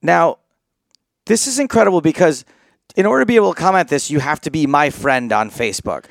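A man's voice: a little high, animated, fairly quick, creaky, dry recording, clean studio sound. An American man co-hosting a podcast, joking and laughing often with rambling asides in casual banter. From United States. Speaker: co-host.

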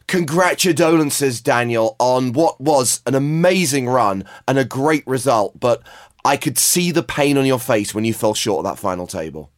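A man's voice: medium pitch, lively intonation, normal speed. Easygoing, teasing male podcast host. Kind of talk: casual chat.

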